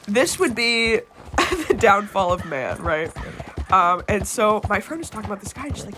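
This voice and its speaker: A woman's voice: mid-range voice, very animated, moderate pace, over music. A young American woman streaming a game, telling a rambling story with lots of fillers and casual swearing. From United States. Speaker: gaming streamer. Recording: game sounds and hoofbeats under the voice.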